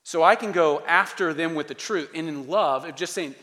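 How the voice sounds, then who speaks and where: A man with a fairly high voice preaches a sermon in a church sanctuary. He talks in a conversational but emphatic way, stacking short repeated phrases for stress. His voice carries with the long reverb of a large hall. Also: normal speed, sharp tone. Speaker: pastor.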